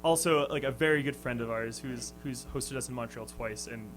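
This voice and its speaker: With a fairly bright tone and medium pitch, the young musician speaks at a moderate pace, recounting tour stories hesitantly, laughing, and restarting amid plenty of fillers. The casual radio interview has music underneath and a rough recording quality.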